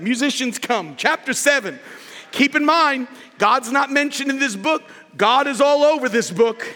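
A man preaching a sermon, telling a scripture story with lively asides and raised, shouted lines. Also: very high-pitched. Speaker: pastor. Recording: echoey hall with long reverb.

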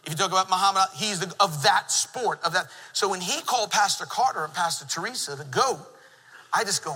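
A middle-aged man preaching a sermon in a church, an animated storyteller who jokes with the congregation. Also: high voice, brisk, long reverb tail, slight background noise, rough recording. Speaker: pastor. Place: church sanctuary.

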